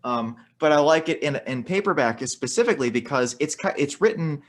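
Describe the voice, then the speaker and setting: A man in an easygoing podcast conversation, talking in loose, meandering sentences full of "um" and "like." His pitch rises and falls freely as he goes, staying lively throughout. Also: a little fast. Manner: animated, rambling with many fillers and restarts. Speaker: podcast host. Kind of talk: casual chat.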